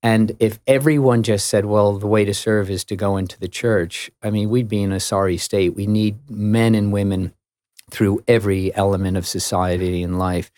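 A middle-aged American man, a radio interview guest, telling a story in a lively, self-mocking way with stammered restarts. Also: fairly low pitch, normal speed, no echo, clean studio sound. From United States.

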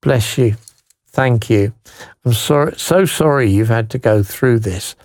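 Christian radio guy, slow and gravelly, reads a letter then prays, keeps asking isn't it. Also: mid-range voice, no echo, studio quality. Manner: gentle, encouraging, leans on tag questions. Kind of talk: pastoral talk, reading a listener's letter and praying.

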